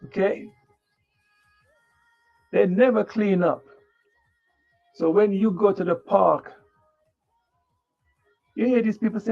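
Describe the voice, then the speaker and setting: Slow, gravelly, high-voiced ranting man. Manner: blunt and profane, unfiltered; preachy, moralizing. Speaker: livestreamer. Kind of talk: ranting livestream monologue. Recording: dull lo-fi stream with faint music.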